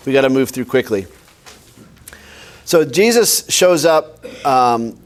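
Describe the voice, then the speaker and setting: A man, a pastor, teaching a Bible class in a conversational way, often quizzing his listeners with questions. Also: medium pitch.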